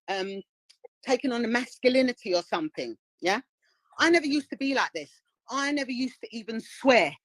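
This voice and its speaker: Female caller, high-ish voice on a dry line, indignant storyteller. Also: a bit bright, no echo, low-quality recording. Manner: indignant, acts out the voices of others in her story. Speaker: caller on a live stream. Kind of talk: animated storytelling.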